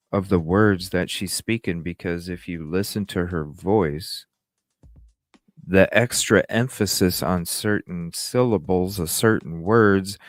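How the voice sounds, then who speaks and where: Low-pitched and free of echo, this man's voice belongs to a livestream host. He rambles casually with fillers and restarts while greeting viewers in the chat.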